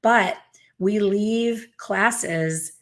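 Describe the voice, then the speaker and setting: A middle-aged woman hosting a casual chat over a video call as a hair color teacher, talking in a chatty, animated way with playful, self-mocking asides. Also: medium pitch, very slow. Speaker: hair color educator and host.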